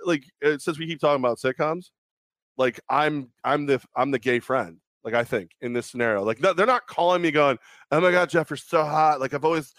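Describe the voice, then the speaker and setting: A man in his forties co-hosting a sports talk show, telling stories casually and mimicking others in high squeaky voices. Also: fairly quick, no room sound, studio quality. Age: 40s. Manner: animated storytelling, acts out high-pitched quoted voices. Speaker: radio show co-host.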